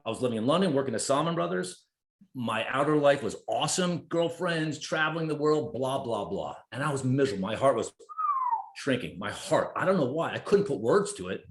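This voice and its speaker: A man in his fifties from New Jersey, a podcast guest telling stories in an animated way, swearing freely and acting out his own inner voice. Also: mid-range voice, fairly quick. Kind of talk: conversational storytelling. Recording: roomy echo.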